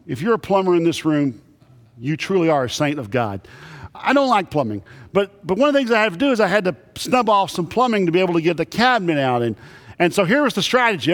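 A man's voice: high voice, big pitch swings, moderate pace, a bit bright. A man preaching a sermon to a congregation, telling folksy, humorous stories. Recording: long reverb of a big hall.

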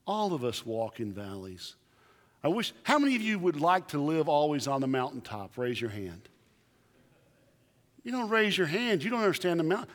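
Emphatic preacher in an echoing church. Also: male voice, fairly high pitch, moderate pace. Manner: emphatic, animated storytelling preacher. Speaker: pastor. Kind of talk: sermon. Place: church sanctuary. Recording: long church reverb.

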